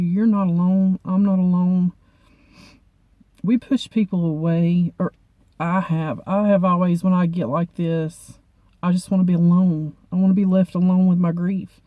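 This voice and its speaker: A woman vlogger talking to camera in a halting, heartfelt way, often repeating herself. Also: lowish voice, steady tone, no echo, phone-quality sound. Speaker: beauty vlogger. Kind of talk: personal talk to camera.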